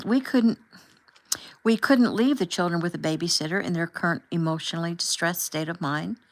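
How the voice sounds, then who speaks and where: A woman voicing a calm, firm husband and father who asks measured, pointed questions as he confronts a chaperone in an audiobook. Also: high-pitched, low-quality recording.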